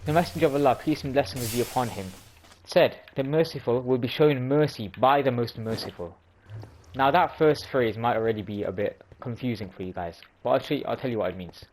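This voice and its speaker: A man's voice: medium pitch, a little fast, darkish tone, low-quality recording. A man hosting a religious video, explaining sayings in an informal way, often restarting and correcting himself. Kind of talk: casual explanatory talk.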